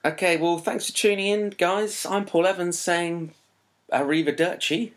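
Relaxed man hosting a podcast. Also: high-pitched, moderate pace. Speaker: podcast host. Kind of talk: casual podcast sign-off.

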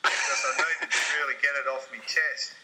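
A man's voice: mid-range voice, steady tone, normal speed, pushed and bright, slight background noise, rough recording. A man playing a grumpy Australian caller who rambles and grumbles in a comedy phone-in sketch. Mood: grumbling. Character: grumpy middle-aged Australian bloke caller.

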